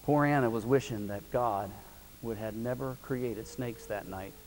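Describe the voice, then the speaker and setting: A middle-aged man preaching a sermon, telling a family story in a folksy, animated way that swings from loud preaching to hushed, quiet telling. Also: medium pitch, measured pace. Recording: reverberant hall with faint hiss.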